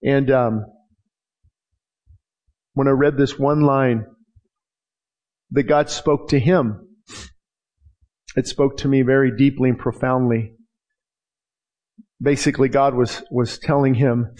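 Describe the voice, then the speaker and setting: A man's voice: medium pitch, fairly even intonation, measured pace, long pauses, a little mellow, dull audio. A middle-aged man preaching a passionate sermon as pastor, acting out prayers and quotes and often restarting his sentences.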